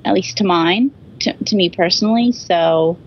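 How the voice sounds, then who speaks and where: A woman's voice: on the low side, normal speed. A young woman co-hosting a film review show, chatting eagerly and restarting her sentences often. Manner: enthusiastic, hesitant restarts. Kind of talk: casual film review chat. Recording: dull lo-fi audio with faint noise.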